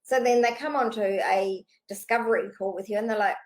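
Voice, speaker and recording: A woman business coach speaking unscripted straight to camera, talking fast and animated, casual and swearing freely. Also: mid-range voice, low-quality recording.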